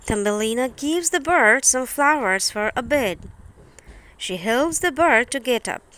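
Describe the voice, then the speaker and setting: A woman reading a bedtime fairy tale for children in a slow, simple, sing-song way. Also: high-pitched, lively intonation, fairly bright tone, dry recording. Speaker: storyteller.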